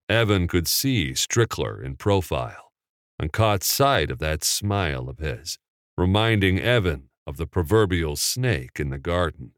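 A man narrating a novel in a measured, unhurried storytelling manner. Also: deep voice, big pitch swings, no echo, clean studio sound. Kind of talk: audiobook narration.

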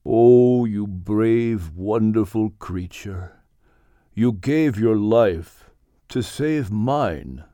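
A man's voice: on the low side, expressive, very slow, warm tone, dry recording. A man voicing a grown man in a storybook who is fierce toward enemies and tender toward friends. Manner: impassioned, emphatic.

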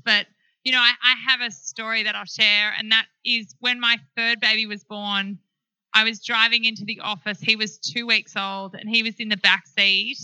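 Woman, panel speaker, very bright, smooth crisp voice, dry close sound, frank and animated. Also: fairly high pitch, no room sound, rough recording. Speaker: business founder on a panel. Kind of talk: live panel discussion.

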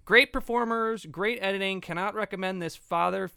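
A man co-hosting a laid-back comedy podcast, trading jokes and self-deprecating banter. His voice sits a touch high for a man, with a gravelly edge over a smooth, resonant tone. The sound is close and dry. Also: normal speed, pushed and bright, no echo. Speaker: podcast co-host. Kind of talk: casual comedy podcast chat.

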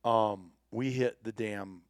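A man's voice: on the low side, slow pace, dry recording, clean studio sound. A man telling a hunting trip story in casual chat, acting out the people he quotes. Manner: animated storyteller, acts out quoted voices.

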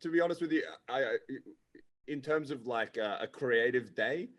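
A man's voice: medium pitch, normal speed. A man, a comedian guest, chatting over a video call with joking, self-mocking humor. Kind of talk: casual chat.

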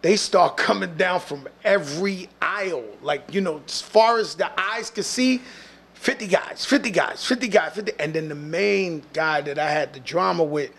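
Gravelly high-voiced New York man telling stories. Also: moderate pace, slight background noise. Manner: animated, slangy, profane, acts out other people's voices. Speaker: guest. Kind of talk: casual storytelling.

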